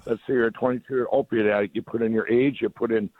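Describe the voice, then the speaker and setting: A man's voice: mid-range voice, steady tone, quick pace, no echo. Man, middle-aged, phone-in guest, rambling, eager, tinny phone sound. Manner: rambling, enthusiastic, many restarts. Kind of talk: phone-in radio interview. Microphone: phone line. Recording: tinny dry phone line.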